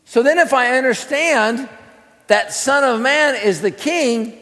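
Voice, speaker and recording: A man's voice: very high-pitched, slow pace, fairly bright tone, in a large hall. A man teaching scripture sermon-style, quizzing his listeners and answering his own questions. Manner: asks the audience questions and answers them himself. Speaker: preacher teaching a class.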